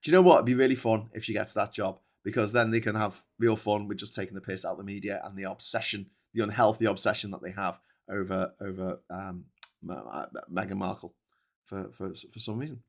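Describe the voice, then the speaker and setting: Seated in his own show chair, a host runs a live news commentary stream, rambling, joking, and correcting himself often. His gravelly voice is low, steady, and brisk.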